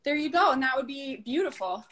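A woman's voice: high-pitched, lively intonation, fairly quick, a bit bright, rough recording. A woman chatting casually while showing her apartment and giving practical advice. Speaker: apartment owner giving a home tour. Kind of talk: casual chat.

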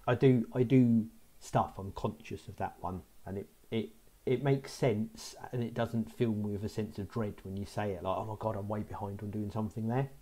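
A man's voice: fairly low pitch, fairly even intonation, normal speed, warm tone. A middle-aged man co-hosting a podcast in casual chat, reflective and hesitant, often restarting his sentences. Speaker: podcast co-host.

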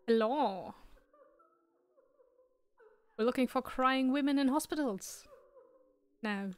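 Woman, let's play host, chatty and jokey, bit higher voice. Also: slow pace, long pauses, dry recording. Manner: chatty, jokey, talks to the game. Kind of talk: casual gameplay commentary.

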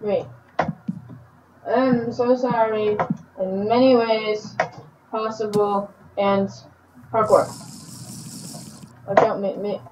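Woman gaming host, excitable and repetitive, echoey room. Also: medium pitch, takes it slowly, pauses often, noisy background. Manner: excitable, repeats words in bursts. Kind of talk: casual game commentary. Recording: echoey, distant, muffled home recording.

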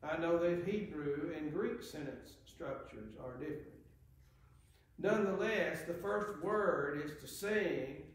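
Earnest preacher in an echoey hall. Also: male voice, fairly high pitch, takes it slowly, slight background noise. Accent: Southern American. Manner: earnest, reads scripture aloud with rising emphasis. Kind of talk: sermon.

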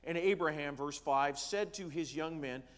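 Man preaching a deliberate sermon. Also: fairly high pitch. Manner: slows down to stress key words, some fillers. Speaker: pastor. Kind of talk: sermon reading and explaining scripture. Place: church sanctuary.

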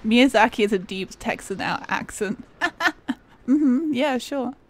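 Chatty woman with a gravelly edge. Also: a little high, expressive, slow pace. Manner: chatty, jokey, laughs often. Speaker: gaming streamer. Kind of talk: casual gameplay commentary.

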